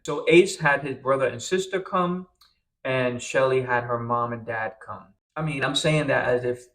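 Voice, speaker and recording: A man's voice: mid-range voice, gravelly. Chatty tired young man recapping. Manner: chatty, animated, acts out quotes. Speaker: reality show recap host. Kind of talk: casual recap commentary.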